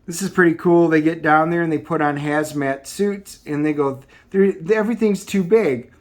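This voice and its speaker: A man's voice: a little high, steady tone, normal speed. A man with a somewhat raised voice walks through a comic book's story in a loose, casual way. He rambles and leans on ums and uhs as he goes. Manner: rambling, filler-heavy summarizing. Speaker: comic book reviewer. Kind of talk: casual plot recap.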